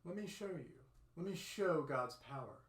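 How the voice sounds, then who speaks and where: Storybook Jesus: calm, reassuring man, the narrator's own voice, echoey room. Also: fairly high pitch, moderate pace, natural voice. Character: calm confident male teacher. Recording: roomy echo.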